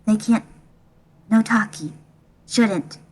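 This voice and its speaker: A woman's voice: mid-range voice, slow, a little mellow, pitched above the performer's own voice. A woman voicing a small child who talks in short, broken baby talk. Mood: evasive. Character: small halting child of few words.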